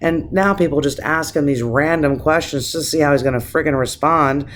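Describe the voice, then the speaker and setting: A man's voice: on the high side, normal speed, a bit bright. Impassioned, swearing male vlogger. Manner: profane, impassioned, rambling with restarts. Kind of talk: casual vlog rant.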